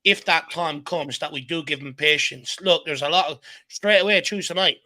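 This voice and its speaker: A man's voice: a little high, normal speed, sharp tone, no room sound. An Irish man hosting a casual football chat, earnest and repeating words as he builds his points. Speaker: host.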